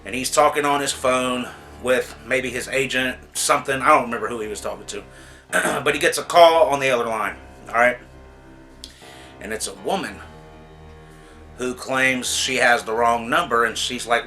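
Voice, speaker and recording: A man's voice: medium pitch, fairly even intonation, moderate pace, pushed and bright, soft background music. A man hosting a casual movie review vlog, frank and exasperated, chatting in a loose, talky way. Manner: frank, exasperated, chatty with repeated "you know what I'm saying". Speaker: movie reviewer, channel host.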